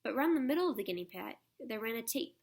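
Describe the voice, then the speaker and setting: A woman narrating a children's storybook aloud in a soft, measured way. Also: a little high, expressive, breathy edge. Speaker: audiobook narrator.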